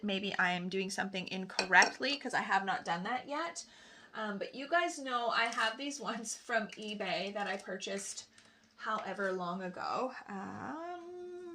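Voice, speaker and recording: A Canadian nail technician chats casually while painting during a tutorial, often correcting herself mid-sentence. Her mid-range voice comes across pushed and bright.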